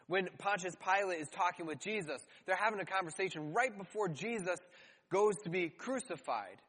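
A man preaching a sermon in a church hall, his voice set fairly high. He talks to the room conversationally and slips into mocking voices when he quotes. A long reverb trails each phrase. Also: expressive, moderate pace, fairly bright tone, slightly rough. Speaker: pastor.

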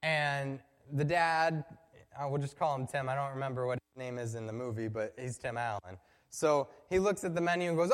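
A man's voice: medium pitch, moderate pace, clear, resonant tone. A male pastor preaching a sermon, telling a story conversationally and building to emphatic points. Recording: long reverb from a large hall.

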